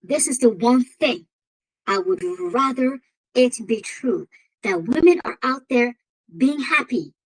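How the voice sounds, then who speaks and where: Slow, high-voiced woman with an African accent. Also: animated, husky, poor audio. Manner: emphatic, repeats phrases, exclaims. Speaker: host. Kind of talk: commentary vlog.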